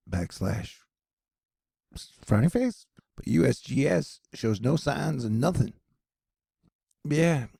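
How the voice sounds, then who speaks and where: A man hosts a casual news vlog, reading tweets aloud between wry, jokey asides. His voice is husky with a gravelly edge. The room sounds dry and close, with no echo. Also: medium pitch. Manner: excitable, rising to loud questions. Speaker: online news commentator. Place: home in Texas.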